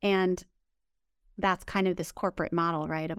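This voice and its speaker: Woman healing coach, emphatic and upbeat, repeats words, mid pitch, dry sound. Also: normal speed, dry recording. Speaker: spiritual healing coach, guest. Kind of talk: conversational interview answers.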